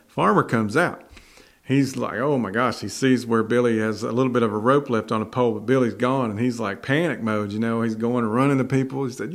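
A man preaching a folksy sermon that builds to emphatic repetition. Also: medium pitch. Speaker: pastor. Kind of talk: sermon with storytelling.

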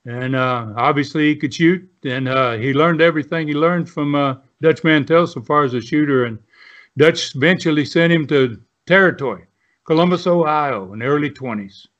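An older man in his seventies tells long stories at a loose, rambling pace, full of uh and you know. His voice sits a little high, and the audio sounds dull and lo-fi, like a remote connection. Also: moderate pace, a bit bright. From Southern United States. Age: 70s. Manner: rambling storyteller with many fillers. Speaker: guest, retired pro wrestler. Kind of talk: storytelling interview.

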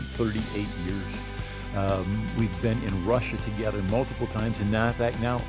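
Middle-aged male host, low voice, chatty guest intro, clear music underneath. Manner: warm-up chatty, with fillers.

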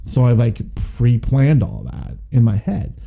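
A man with a dark, gravelly voice in a casual movie-review chat. His pitch swings freely up and down as he talks. He rambles conversationally and circles back on his words. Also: sing-song, unhurried. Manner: rambling, conversational, many restarts. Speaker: podcast co-host.

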